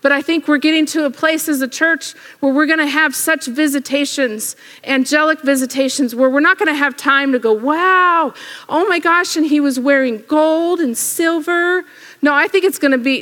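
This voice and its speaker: A woman preaching a sermon, retelling a story with lively acted-out prayers and quotes. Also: high voice. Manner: animated storytelling, acts out prayers. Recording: echoey hall.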